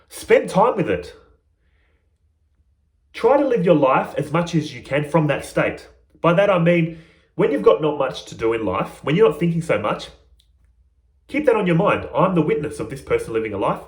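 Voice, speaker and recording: Earnest man teaching in an echoey room. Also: fairly high pitch. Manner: earnest, conversational, addresses viewers as guys. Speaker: spiritual teacher. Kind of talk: informal spiritual teaching.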